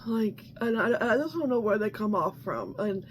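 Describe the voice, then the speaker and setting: A woman's voice: mid-range voice, expressive, moderate pace, a little hiss or hum. A woman hosting a casual coffee chat, talking in a chatty, exasperated way with many restarts and frequent laughter. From Canada. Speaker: vlog host.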